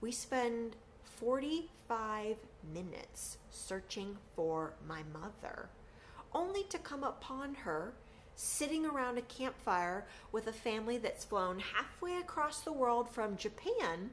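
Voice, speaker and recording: A woman's voice: slow pace, slight background noise. A woman performing a personal story, acting out the voices of the people in it. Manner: animated, acts out quotes with big pitch swings.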